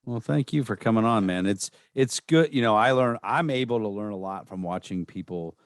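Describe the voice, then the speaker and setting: Deep-voiced man, laid-back podcast host. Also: a little fast, no room sound, studio quality. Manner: relaxed, rambling, many "uh" and "um" fillers. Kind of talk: casual chat.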